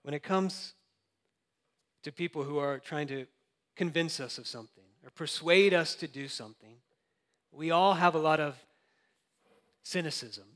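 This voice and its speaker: A man's voice: fairly high pitch, normal speed, long pauses, fairly bright tone, long reverb tail. A young adult man preaching a sermon, earnest and conversational with light laughs. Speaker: pastor.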